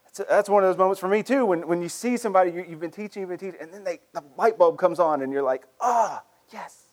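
Animated, conversational male pastor preaching. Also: high voice, racing. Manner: conversational, animated, repeats words when starting phrases. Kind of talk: sermon.

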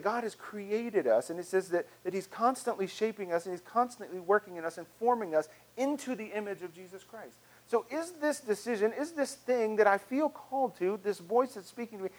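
A man's voice: sits high, poor audio. A male pastor preaching a sermon in an earnest, conversational way, often restarting his phrases.

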